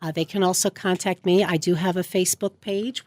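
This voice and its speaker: Lower-voiced woman coaching on a dry podcast. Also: animated, normal speed, few pauses, darkish tone, no room sound. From New York. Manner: instructive, organized, lists points. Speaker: communication coach, guest. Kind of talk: interview answers, advisory.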